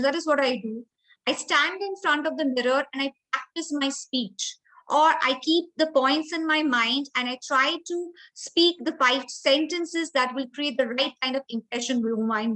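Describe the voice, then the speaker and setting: A woman from India with an Indian English accent, running an online communication training session with clear, instructive delivery and deliberate emphasis. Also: high-pitched, sharp tone, poor audio.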